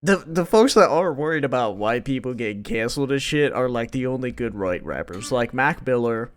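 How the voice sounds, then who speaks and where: A man co-hosting a podcast in casual chat, animated and laughing often, often trailing off mid-sentence. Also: mid-range voice, fairly quick. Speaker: podcast co-host.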